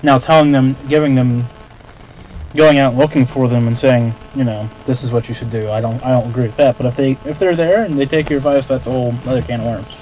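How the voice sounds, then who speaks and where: A man's voice: medium pitch, fairly even intonation, fairly quick, a little mellow, slight background noise, low-quality recording. A man hosting a radio interview, thoughtful and searching for his words as he responds to his guest. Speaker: radio show host.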